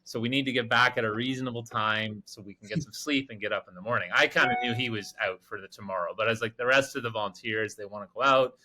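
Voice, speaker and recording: Bright-voiced man telling a lively story. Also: medium pitch, quick pace, few pauses. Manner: animated, mimics others with raised voice and swearing. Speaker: podcast co-host telling a field story. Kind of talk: casual storytelling chat. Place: remote field camp in the Amazon.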